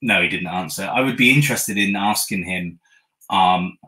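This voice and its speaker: Low, bright-voiced hesitant man. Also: normal speed, rough recording. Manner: hesitant, repeats words, lots of ums. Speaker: interview guest, youtuber. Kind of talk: casual interview chat.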